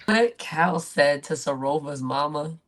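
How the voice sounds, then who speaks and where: A woman's voice: deep voice, lively intonation, a little slow. A woman co-hosting a podcast, talking in a casual, emphatic way and stacking up adjectives and long explanations. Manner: emphatic, piles up adjectives, wordy. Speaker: podcast co-host. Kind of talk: casual recap chat.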